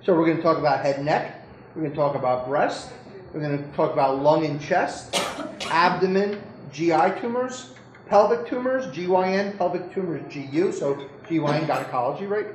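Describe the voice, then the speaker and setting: A doctor giving an informal medical lecture to an audience, talking conversationally, joking and putting questions to the listeners. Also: male voice, on the high side, moderate pace. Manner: conversational, jokey, keeps asking the audience questions. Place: lecture room. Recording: roomy echo with faint background noise.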